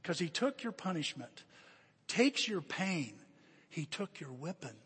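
A man preaching a sermon, telling a story in an animated way and dropping to hushed appeals. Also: high voice, measured pace, slightly rough, in a large hall. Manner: animated, repeats himself, drops to hushed appeals. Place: church.

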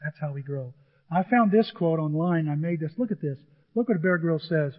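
A man's voice: a little high, lively intonation, normal speed. Middle-aged male pastor, emphatic and repetitive sermon delivery, thin lo-fi phone-line sound. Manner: earnest, repetitive, emphatic preaching.

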